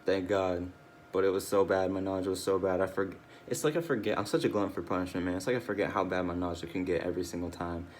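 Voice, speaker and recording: A man's voice: low voice, fairly even intonation, fast talker, slight background noise. A tired, drowsy man rambling through a casual personal video log, swearing often and losing his train of thought. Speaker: video diarist.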